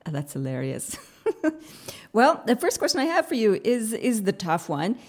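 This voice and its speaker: A woman's voice: a little high, huge pitch swings, moderate pace, a little mellow. A woman from Canada, hosting a podcast interview in an enthusiastic, upbeat way. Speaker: podcast host.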